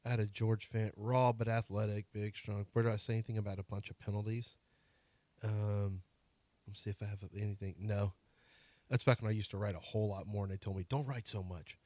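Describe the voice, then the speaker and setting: A man hosting a sports radio show, chatting casually and telling stories with lively mimicry. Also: fairly low pitch, a little fast, no room sound. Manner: animated storyteller, mimics his shouting son.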